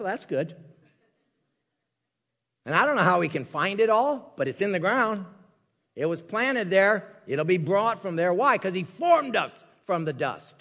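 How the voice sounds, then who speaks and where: A male pastor delivers a sermon with lively, joking energy, now and then acting out small scenes. His voice sits a little high for a man. The sound carries a long reverb, as in a large church hall.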